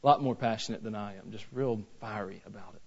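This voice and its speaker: A man's voice: on the low side, quick pace, gravelly, slightly rough, muffled recording. A man preaching a sermon. He talks in a folksy, joking way that builds into fervent preaching. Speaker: pastor.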